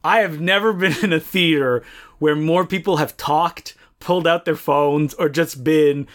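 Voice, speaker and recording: Chatty animated man, higher voice. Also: unhurried. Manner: animated storyteller, acts out quotes. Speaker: podcast co-host. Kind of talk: casual film podcast chat.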